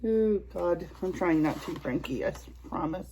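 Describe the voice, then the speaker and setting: A woman's voice: lowish voice, lively intonation, moderate pace, warm tone, slight background noise, low-quality recording. A woman vlogger chatting casually while unboxing a toy, giggly and rambling.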